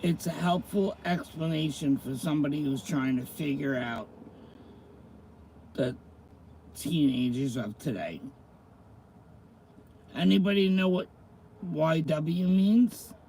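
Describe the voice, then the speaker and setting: A middle-aged man hosts a casual livestream in a slightly high, mellow voice. He talks slowly and easily, greets viewers by name and reads slang definitions aloud. Faint noise sits under his voice. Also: fairly even intonation, vocal fry, rough recording. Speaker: livestream host.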